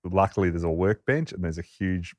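A man casually telling a true story to a co-host, animated and laughing often. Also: deep voice, a little fast, no room sound.

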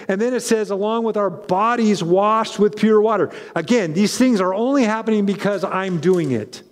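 A man preaching a conversational sermon as pastor, animated and chatty with frequent asides and restarts. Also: on the high side, long reverb tail.

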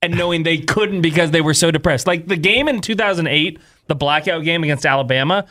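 A man co-hosting a sports radio show, recalling big games with excited, boastful fan banter. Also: on the high side, a little fast. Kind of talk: casual sports radio chat.

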